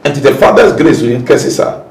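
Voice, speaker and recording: A Ghanaian pastor being interviewed, who mixes English with Twi. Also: male voice, mid-range voice, expressive, normal speed, darkish tone, reverberant. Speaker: pastor and guest.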